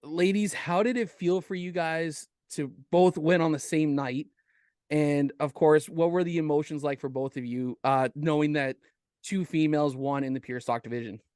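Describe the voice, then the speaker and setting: Male host, upbeat, slightly higher voice, dry close sound. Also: steady tone, normal speed, darkish tone, clean tone, dry recording. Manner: upbeat, steers questions. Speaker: podcast host. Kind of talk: casual podcast hosting.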